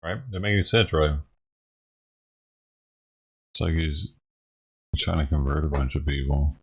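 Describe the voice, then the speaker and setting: A man with a very deep, gravelly voice gives casual commentary. He talks slowly, with dry, puzzled and offhand remarks. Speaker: host reacting to a clip.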